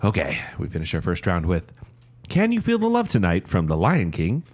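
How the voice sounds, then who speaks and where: Guy hosting, reads out the matchups, voice really animated, laughs along. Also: low voice, normal speed. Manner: announces matchups, jokes around. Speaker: podcast host running the matchups. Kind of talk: casual chat.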